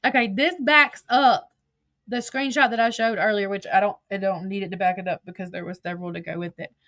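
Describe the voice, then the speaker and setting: A woman's voice: mid-range voice, fairly even intonation, fairly quick, bright, forceful tone, dry recording. Profane, gossipy woman reading texts aloud. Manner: profane, laughing, gossipy storytelling. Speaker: social media streamer. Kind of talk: casual commentary reading text messages aloud.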